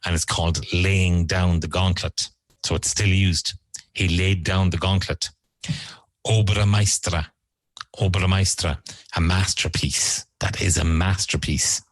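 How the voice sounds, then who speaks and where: This English vocabulary teacher has a deep, steady voice and goes word by word, slowly repeating each one and explaining how it's used. The audio lacks echo and is roughly recorded.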